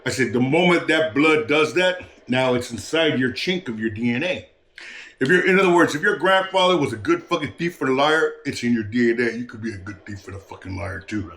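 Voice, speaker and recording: A man's voice: medium pitch, expressive, a little fast, fairly bright tone, reverberant. A man talking in a preachy, rambling way, full of swearing and restarts, as a podcast guest. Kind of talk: casual street talk.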